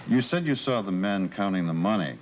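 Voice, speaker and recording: A pushy p.i. grilling a witness, really deep voice but swings around a lot, faint music. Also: male voice, animated, brisk, a little hiss or hum, poor audio. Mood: probing. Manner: probing, impatient, sharp questions. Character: blunt male private investigator, pushy interrogator. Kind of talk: 1980s soap opera acting.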